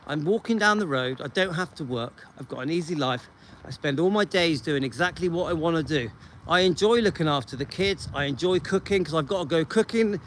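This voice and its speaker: A man's voice: a little high, fairly bright tone, slight background noise, low-quality recording. A man hosting his own channel, talking casually and earnestly to camera, rambling and reassuring, recorded on a handheld phone. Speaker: channel host. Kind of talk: casual vlog talk to camera.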